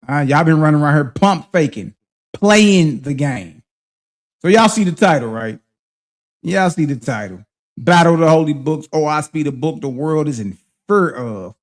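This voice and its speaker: A man's voice: a little high, lively intonation, normal speed. A man hosting a livestream, preaching and confronting his critics in heated, slang-heavy commentary. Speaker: livestream host.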